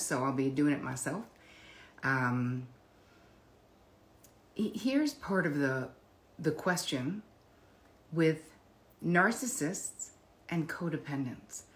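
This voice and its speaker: A woman hosting a live stream, chatting casually and greeting viewers by name before talking about relationships. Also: low voice. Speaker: livestream host.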